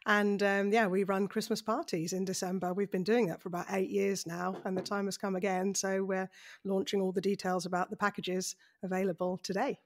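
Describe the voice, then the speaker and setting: Relaxed woman explaining events as podcast guest. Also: mid-range voice, brisk. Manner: relaxed, matter-of-fact, says um often. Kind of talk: casual podcast chat.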